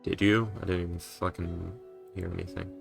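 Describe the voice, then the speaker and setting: A man's voice: deep voice, level tone, moderate pace, vocal fry, music in the background. A man running a tabletop game, chatting casually with his players and swearing freely. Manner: laid-back, swears freely.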